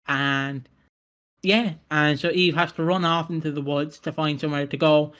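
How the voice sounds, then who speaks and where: A man's voice: fairly high pitch, fairly even intonation, normal speed, fairly bright tone, clear, resonant tone. A man co-hosting a podcast, recapping casually in a rambling way with frequent self-corrections and laughter. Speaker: podcast co-host.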